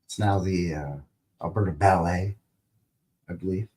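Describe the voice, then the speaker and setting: Male streamer, low-pitched, loose rambling chat, playful noises. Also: steady tone, measured pace, darkish tone. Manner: rambling, playful, makes goofy sound effects. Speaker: livestream host. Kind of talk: casual live-stream chat.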